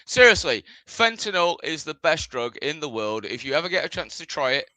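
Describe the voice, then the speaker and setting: A man's voice: a little high, big pitch swings, a little fast, sharp tone, no echo. A man on a late-night chat stream, joking, laughing and swearing casually. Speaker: podcast panelist.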